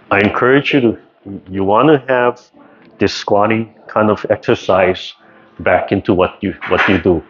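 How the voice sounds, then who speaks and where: A man teaching tai chi over a video call, relaxed and rambling, checking in with "right?" often. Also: lowish voice. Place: community class, indoors. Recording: dull lo-fi video call audio with faint noise.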